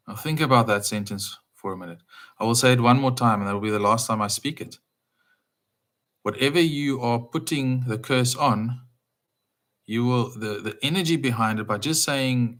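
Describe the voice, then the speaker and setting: A man giving an emphatic, casual spiritual talk, full of rhetorical questions and swings between loud and soft. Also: mid-range voice, moderate pace. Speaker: speaker.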